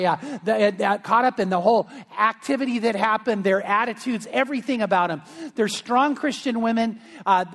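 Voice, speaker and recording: A man preaches from the pulpit, and his voice sits high for a man. He tells stories with animated energy, acting out the voices of the people in them and stumbling over fillers and restarts. The sound carries the long reverb of a church sanctuary. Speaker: pastor. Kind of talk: sermon with storytelling.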